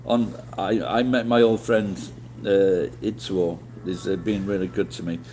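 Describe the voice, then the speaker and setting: A man's voice: low voice, flat delivery, unhurried, darkish tone, slight background noise. A middle-aged man telling rambling stories to his stream chat, swearing often and restarting his sentences. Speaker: livestreamer. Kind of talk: casual storytelling to chat.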